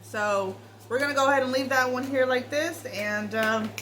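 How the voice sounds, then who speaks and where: A woman's voice: high-pitched, moderate pace, a bit bright, slight background noise, rough recording. A woman giving a casual tarot reading, talking straight to the viewer in a blunt, swearing way. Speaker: tarot reader.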